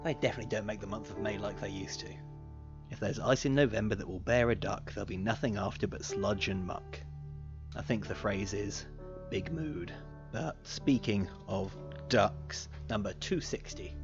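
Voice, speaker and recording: A man's voice: on the low side, animated, moderate pace. A man reading old rhymes aloud from a book, breaking off for dry, sardonic asides. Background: music.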